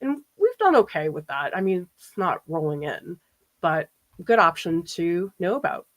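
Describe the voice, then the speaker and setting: A woman's voice: lowish voice, sing-song, moderate pace. A woman art professor from the US East Coast, chatting casually with viewers during a livestream painting demo and often laughing as she reads their comments aloud.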